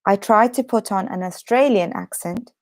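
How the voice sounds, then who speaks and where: A woman's voice: medium pitch, normal speed, a little mellow. A woman with an American accent teaching an online English lesson, talking straight to the viewer in a chatty way. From Britain.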